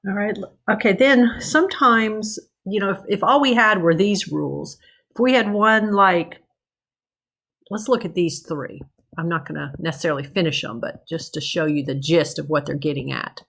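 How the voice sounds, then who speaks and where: A woman's voice: lowish voice, normal speed, gravelly, a bit bright. A woman teaching math in a recorded lecture, working through problems in a conversational way, checking in with "okay?" and correcting herself as she goes.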